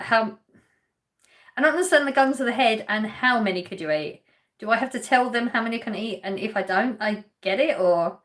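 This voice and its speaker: Chatty woman reading stream chat. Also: a little high. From Essex, England. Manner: chatty, laughs often, trails off mid-sentence. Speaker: livestream host. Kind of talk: casual chat reading viewer comments.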